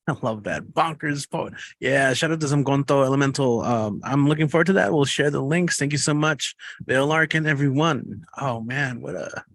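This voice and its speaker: A man hosts an online open mic from home over a video call. He is upbeat and chatty, with fillers and quick self-corrections. His voice sits at an ordinary pitch and sounds dry and close. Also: fairly bright tone, dry recording. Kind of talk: casual hosting on a video call.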